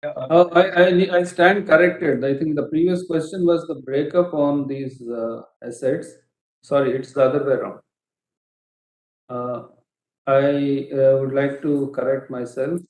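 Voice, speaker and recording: A man's voice: mid-range voice, steady tone, a little mellow. Man answering on an echoey conference line. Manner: measured, many filler pauses, corrects himself. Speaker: company executive answering analysts. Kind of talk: earnings call answers.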